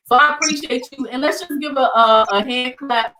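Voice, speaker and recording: A woman's voice: sits high, normal speed, hardly any pauses, a crowd in the background, low-quality recording. A woman hosting an online community show, speaking with heartfelt emotion and often repeating her words. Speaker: host. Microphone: video call.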